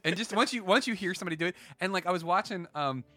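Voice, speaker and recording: A young man from the Washington DC area hosting a casual podcast chat, telling animated stories and mimicking accents for laughs. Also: high voice, very fast, faint music behind. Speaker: podcast host.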